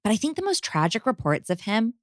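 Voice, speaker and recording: A woman's voice: on the high side, a little fast, dry recording, studio quality. A woman hosting a podcast, reading scripted narration in a dramatic, storytelling way. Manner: dramatic, expressive storytelling read.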